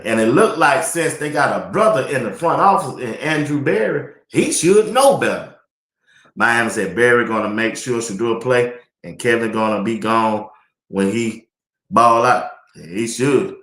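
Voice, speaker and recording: Man, live sports talk host, laughs a lot, loose slangy chat, forceful bright tone. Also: fairly low pitch. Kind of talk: casual live-stream chat reading comments. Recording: echoey room.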